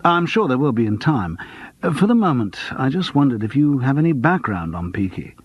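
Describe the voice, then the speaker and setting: A subdued actor turned amateur detective, read by a male narrator, hesitant and rueful in his replies. His voice sits at an ordinary middle pitch. The recording is dry and close. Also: big pitch swings, fairly quick, breathy edge, dry recording, highs cut off. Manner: low-key, hesitant, rueful. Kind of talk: audiobook character voice.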